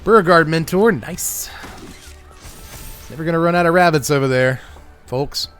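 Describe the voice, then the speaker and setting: A man's voice: fairly high pitch, normal speed, a bit bright, clear, resonant tone, faint music behind. A man hosting a card game channel, giving wry, joking gameplay commentary and chuckling often.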